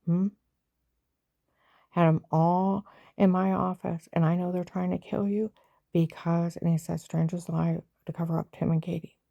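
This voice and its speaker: A woman's voice: on the low side, flat delivery, a little slow, gravelly, warm tone, dry recording, dull audio. A woman giving an agitated, rambling personal account and acting out what other people said. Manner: agitated, rambling retelling that acts out others' lines.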